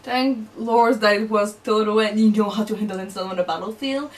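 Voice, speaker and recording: A woman's voice: mid-range voice, fairly quick. A woman co-hosting an anime reaction chat, asking questions and chiming in with short agreements. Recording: distant mic, faint background noise.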